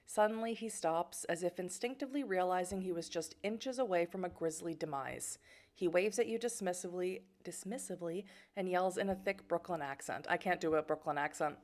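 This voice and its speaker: A woman's voice: on the low side, a little fast, a little mellow. A woman from Boston streaming a game, reading its text aloud with chatty asides. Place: home in Germany.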